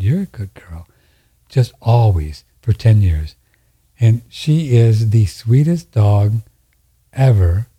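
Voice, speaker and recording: A man's voice: on the low side, warm tone, slightly rough. A man hosting a radio show, talking in a folksy, rambling way and often repeating himself. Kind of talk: casual conversation.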